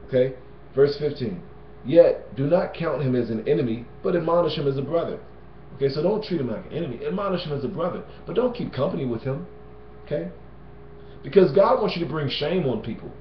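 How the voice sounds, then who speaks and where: Man of average pitch teaching scripture in loose, street-casual talk, recorded in a roomy space with muffled lo-fi sound. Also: lively intonation, brisk, slight background noise. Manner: slangy and conversational, often tags "you know what I'm saying" and "man". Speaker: Bible teacher.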